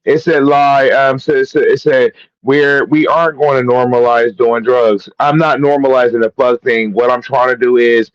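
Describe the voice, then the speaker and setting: A man's voice: medium pitch, steady tone, normal speed, no room sound. A man hosting a livestream, talking bluntly and cutting in during casual chat. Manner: talkative, interrupting, blunt. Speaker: livestream host. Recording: dull, dry stream audio.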